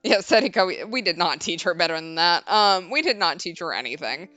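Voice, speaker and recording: A woman's voice: lowish voice, animated, a little fast, bright, forceful tone, no room sound, faint music behind. A woman hosting a let's play, chatting and joking casually over a visual novel. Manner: joking, chatty, laughs often. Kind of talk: casual game commentary.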